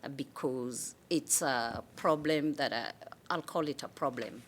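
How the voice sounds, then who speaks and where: A woman from Kenya speaks as a commissioner at a public meeting, her voice deep and her pace unhurried. She sounds measured and heartfelt. A faint hum of room ambience sits behind her. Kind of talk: public meeting farewell remarks.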